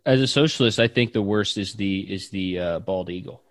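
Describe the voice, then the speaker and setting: A man's voice: low-pitched, moderate pace, no room sound, clean studio sound. A man joking around in casual chat with friends, riffing on absurd ideas and swearing freely.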